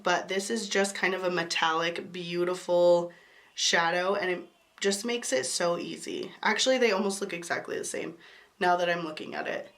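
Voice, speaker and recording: Steady in tone and a bit bright, her low-leaning voice moves at a moderate pace. The YouTuber's casual product review is lively and talkative, with apologetic side comments about the cold in her voice.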